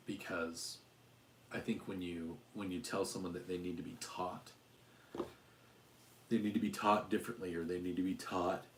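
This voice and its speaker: A low-voiced man in his forties from Utah talks through a casual livestream chat. His speech wanders, halting on fillers and restarts. The sound carries a roomy echo with faint ambience behind it. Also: flat delivery, a little hiss or hum. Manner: rambling, hesitant, many fillers and restarts. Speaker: channel host.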